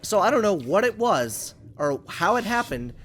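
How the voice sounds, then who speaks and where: Young male gaming host, rambling and excitable, close USB condenser mic, quite animated, slightly high voice. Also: normal speed, a little hiss or hum. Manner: excitable, rambling, talks to viewers and to the creature. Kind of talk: casual gameplay commentary. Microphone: USB condenser microphone.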